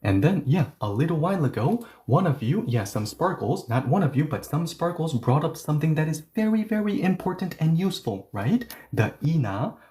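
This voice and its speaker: A man's voice: fairly high pitch, sing-song, a little fast, hardly any pauses, dark tone. A man teaching an online language lesson, explaining step by step and often checking in with "right?".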